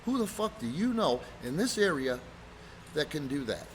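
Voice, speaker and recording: A man casually telling rough road stories from his wrestling days, swearing freely and loudly acting out what people said. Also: on the high side, normal speed, slight background noise. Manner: profane, animated, acts out quotes loudly. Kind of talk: casual storytelling chat.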